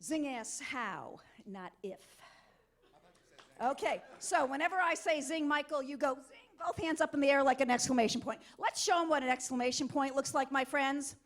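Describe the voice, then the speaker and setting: A middle-aged woman giving an energetic, interactive motivational talk at a conference, coaxing volunteers from the audience. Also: sits high, moderate pace. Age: middle-aged or older. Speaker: conference keynote speaker. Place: conference hall.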